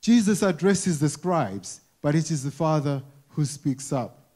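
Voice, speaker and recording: A man with a fairly high voice preaches to a church congregation in an easy, conversational way. He restarts and repeats words often and keeps asking the people questions. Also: lively intonation, a little slow, mellow. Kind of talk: conversational sermon. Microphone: wearing a mic.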